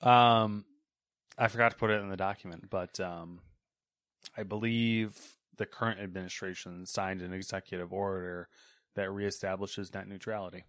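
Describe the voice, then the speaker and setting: A man co-hosts a podcast in a deep voice, speaking casually and hesitantly with plenty of fillers. His intonation stays fairly even at a normal speed, and the tone is fairly bright in a clean studio recording with no room sound.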